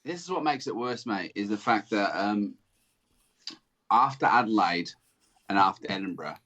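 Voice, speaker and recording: A man's voice: fairly low pitch, animated, normal speed, bright, forceful tone, highs cut off. A man talking as a comedian guest on a podcast from his home studio over a video call, rambling and swearing, often searching for words. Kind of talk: casual chat.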